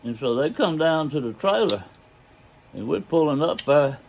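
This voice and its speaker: A man's voice: a little high, lively intonation, normal speed, creaky, a little mellow, a little hiss or hum. An older man telling a story about his own past in a casual, folksy way. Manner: folksy drawl, loose grammar, chuckles as he tells it.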